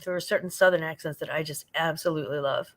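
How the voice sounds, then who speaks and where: A woman's voice: low voice, steady tone, quick pace. An older woman from St. Louis, chatting casually on a late-night livestream, rambling and laughing as she reads out viewer comments. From St. Louis, Missouri. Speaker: livestream host.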